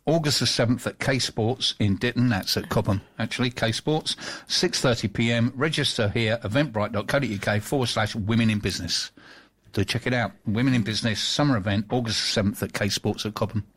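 A male radio host in the studio, reading out listings and messages in a relaxed, easygoing way. His voice sits at an ordinary middle pitch, and he slips into jokes and banter with his co-hosts. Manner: reads out listings and tweets, jokey banter. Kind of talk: casual radio chat.

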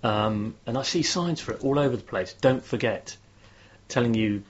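A man's voice: medium pitch, moderate pace, a little hiss or hum. A man explaining how negative phrasing works, in a conversational tone, sometimes leading a group experiment with enthusiasm. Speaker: guest speaker on performance psychology. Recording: dull lo-fi sound.

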